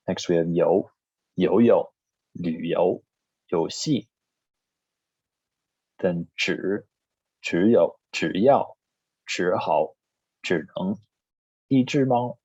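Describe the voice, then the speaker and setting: A man teaching a recorded language lesson, reading word lists one item at a time in a plain, steady way. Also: low-pitched, breathy edge, dry recording. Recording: slightly dull lo-fi recording.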